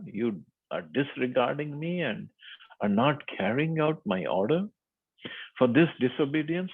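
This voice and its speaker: A man's voice: lowish voice, slightly rough. A man reading as an angry haughty king. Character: angry haughty male king scolding a servant. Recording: phone-like narrow sound.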